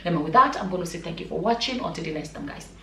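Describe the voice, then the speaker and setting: A woman's voice: on the low side, lively intonation, fast talker, a bit bright, a little hiss or hum. A woman vlogger and mother giving her opinion in a passionate, emphatic way, repeating points for stress. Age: adult, a mother. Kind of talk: opinion vlog commentary. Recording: echoey room, mic at a distance.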